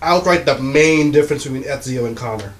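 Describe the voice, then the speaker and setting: A man's voice: medium pitch, brisk. A young man co-hosting a gaming show in a laid-back, casual way, full of "dude" and "like". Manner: laid-back, says "dude" and "like" a lot, laughs easily. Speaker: co-host of a gaming news show. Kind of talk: casual chat.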